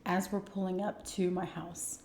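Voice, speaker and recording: A young woman telling a personal story casually while eating, animated and acting out the quotes. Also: fairly low pitch, normal speed. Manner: animated retelling with acted-out quotes. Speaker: mukbang storyteller. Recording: echoey room.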